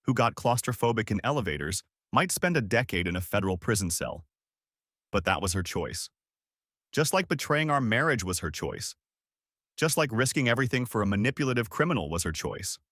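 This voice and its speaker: A man narrating a first-person revenge story audiobook in a calm, grim manner. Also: on the low side, dry recording, clean studio sound.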